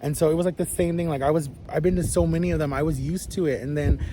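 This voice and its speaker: A man in his thirties rambles through a story in a casual vlog, his voice sitting a little high for a man. He talks loosely, with plenty of "like" and restarts. Clear outdoor street and traffic noise runs behind him. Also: fairly even intonation, fast, mellow, low-quality recording. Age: 30s. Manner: rambling, chatty, lots of "like" and restarts. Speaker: vlogger.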